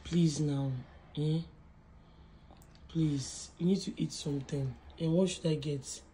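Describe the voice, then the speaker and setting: Pleading tearful woman, low voice. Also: steady tone, takes it slowly, dark tone, a little hiss or hum. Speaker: vlogger. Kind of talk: emotional vlog to a sick partner.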